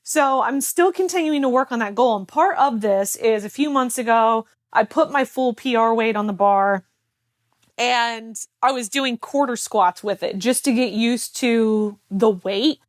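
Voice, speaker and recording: A woman's voice: fairly high pitch, a little slow, no room sound, clean studio sound. A woman health coach in a casual talk, telling a personal story in a chatty way, full of fillers and quoted back-and-forth.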